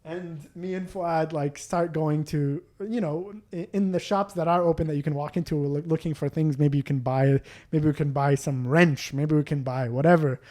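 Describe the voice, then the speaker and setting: Young male podcast co-host, slightly high voice, animated storyteller who acts out quotes. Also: moderate pace. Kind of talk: casual storytelling chat.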